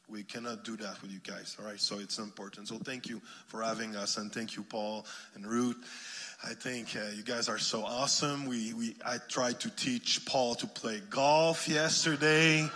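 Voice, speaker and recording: A man with a Quebec French accent preaching a sermon as a guest speaker, joking and then rising to fervent shouting. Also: mid-range voice. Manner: jokey and warm at first, then builds to fervent shouted preaching. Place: church sanctuary. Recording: long hall reverb in a church.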